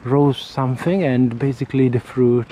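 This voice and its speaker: A man from Italy with an Italian accent, chatting casually on a walking vlog and often pausing to search for words, talking into a camera outdoors on a windy street. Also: mid-range voice, steady tone, warm tone, rough recording. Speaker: vlogger. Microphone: camera mic held near the face. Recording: faint wind and traffic noise outdoors.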